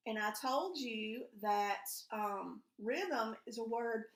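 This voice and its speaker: A woman's voice: fairly high pitch, takes it slowly, very noisy. Patient woman teaching a reading lesson. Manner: patient, guiding questions to pupils. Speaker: elementary school teacher. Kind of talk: recorded remote reading lesson. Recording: echoey room.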